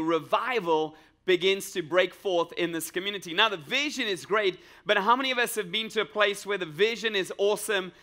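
A man preaching in a church, his voice high and bright as he works the room. He jokes, repeats his lines and keeps asking the congregation questions in a lively call-and-response sermon. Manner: energetic, jokey, repeats phrases and asks the crowd questions. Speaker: pastor. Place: church sanctuary with live congregation.

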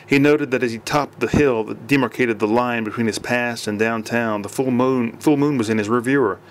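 Male audiobook narrator, steady reading, mid pitch, sometimes restarts a word.

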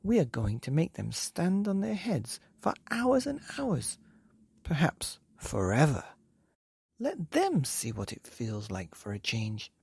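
A man voicing a clever, excited father monkey who gives eager commands. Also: fairly high pitch, slow, gravelly, slightly rough, dry recording, clean studio sound, pitched above the performer's own voice, full character voice. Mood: urgent.

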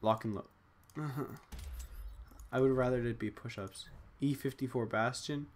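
A young man casually commentating as he opens game loot boxes at his computer, excitable, talking to himself, groaning and cheering. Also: medium pitch, normal speed. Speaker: gaming channel host. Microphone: desk USB microphone.

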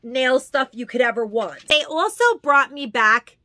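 A woman's voice: sits high, measured pace, bright, forceful tone, dry recording. Woman, casual haul chat, gushing, repeats herself, dry close sound. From New York. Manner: chatty, gushing, repeats words for emphasis. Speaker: haul vlogger.

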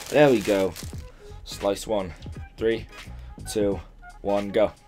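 A man's voice: lowish voice, fairly even intonation, very slow, loud music behind the voice. A young man answering viewer questions in a casual vlog at his mother's home, rambling and joking, swearing and laughing often. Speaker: YouTuber.

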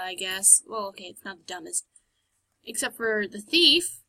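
A woman's voice: fairly high pitch, expressive, slow pace, sharp tone, poor audio. A woman giving casual gameplay commentary, chatty and self-mocking, often muttering and whispering to herself. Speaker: game let's-player.

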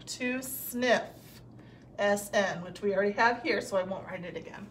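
A woman's voice: mid-range voice, fast talker, a little hiss or hum. A woman teacher giving a recorded phonics lesson to young children, patiently sounding out words and praising answers.

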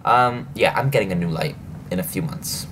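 A young man hosting a reaction video, talking casually, excitably and with frequent swearing. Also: sits low, normal speed, noisy background.

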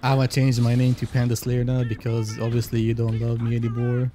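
Excitable, casually swearing male game streamer. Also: medium pitch, a little fast, faint music behind. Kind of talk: casual live-stream gameplay commentary.

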